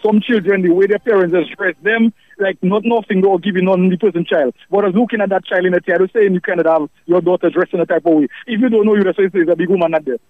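Argumentative caller, high voice, tinny phone line. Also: male voice, fairly even intonation, quick pace, few pauses, dry recording. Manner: argumentative, rambling. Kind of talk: call-in radio talk.

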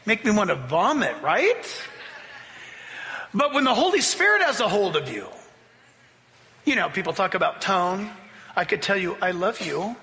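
A man's voice: high voice, big pitch swings, normal speed, pauses often, pushed and bright, long reverb tail. A male pastor preaching an emphatic sermon and reading scripture aloud. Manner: emphatic preaching, spells out key words, acts out quoted voices.

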